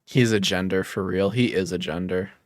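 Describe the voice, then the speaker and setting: A man's voice: deep voice, fairly even intonation, normal speed, dry recording, studio quality. A man hosting a livestream, chatting casually, joking and teasing, and reading chat messages aloud. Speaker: livestream host.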